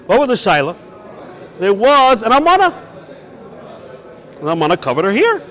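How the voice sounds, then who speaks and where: A man's voice: high voice, huge pitch swings, moderate pace, fairly bright tone. A man, a rabbi, teaching Jewish law in a yeshiva lecture. He asks questions and answers them himself, and he mixes Hebrew and Yiddish terms into his English.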